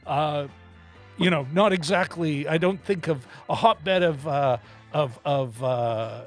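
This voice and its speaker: Brief: male podcast co-host, fairly high voice, animated and laugh-prone, faint music underneath. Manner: animated, laughs often while talking. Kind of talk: casual film-discussion chat.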